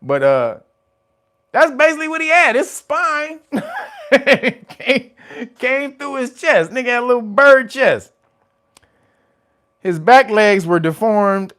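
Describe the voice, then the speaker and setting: Guy ranting on his channel, high voice swinging all over, laughs a lot, loud outbursts. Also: vocal fry. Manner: animated, profane, laughing often, loud exclamations. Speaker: host of a commentary channel. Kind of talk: casual news commentary.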